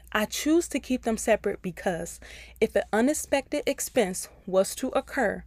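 A woman's voice: medium pitch, darkish tone, no echo. Chatty woman podcast host, dry close sound. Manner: chatty and encouraging, speaks directly to listeners. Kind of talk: personal finance advice podcast.

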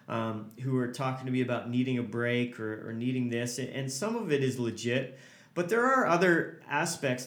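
A man's voice: medium pitch, reverberant. A man hosting a motivational podcast as a hockey coach, talking earnestly and hammering points home with repeated lists.

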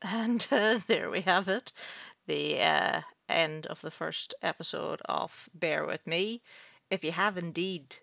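Young woman, black country accent, podcast host, sweary casual chat, gravelly bright voice, dry close sound. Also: fairly low pitch, slow pace, no echo. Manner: sweary, laughing, animated.

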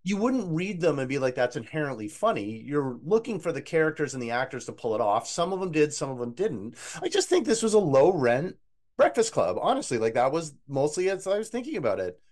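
A man co-hosting a podcast, reviewing an eighties movie in casual chat, opinionated and animated. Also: fairly high pitch, a little fast. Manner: animated, opinionated, quotes scenes in a put-on voice. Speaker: podcast co-host.

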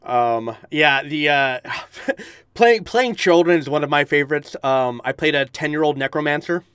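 Man, slightly high, animated, gravelly, dry close sound, casual rambling host. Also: normal speed, dry recording. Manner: laughing, rambling with many fillers. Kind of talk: casual chat.

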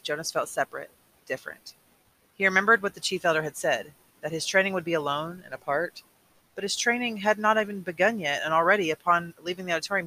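A man's voice: on the high side, bright, forceful tone, low-quality recording. A man reading a novel aloud chapter by chapter, adding casual asides.

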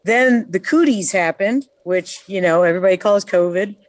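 A woman's voice: medium pitch, moderate pace, no room sound. A woman from New York, a guest on a talk show, telling casual stories bluntly and swearing freely. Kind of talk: casual storytelling chat.

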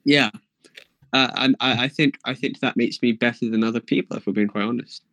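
A man's voice: mid-range voice, fairly even intonation, fairly quick, fairly bright tone, no echo. A young man chatting on an improv panel, rambling and jokey with mock self-righteousness. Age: young adult. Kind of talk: casual chat.

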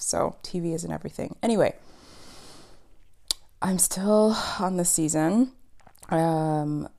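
A young East African woman hosts a podcast, chatting her way through a TV recap in a low, gravelly voice. She is talkative and animated, laughing frequently and filling her pauses with ums.

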